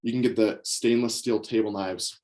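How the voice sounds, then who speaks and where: A man's voice: on the low side, fairly even intonation, moderate pace, a little mellow, slight background noise. Young male sales coach, upbeat and direct, repeats key lines for note-taking. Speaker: sales trainer. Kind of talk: sales training session. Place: indoors with knives on a table.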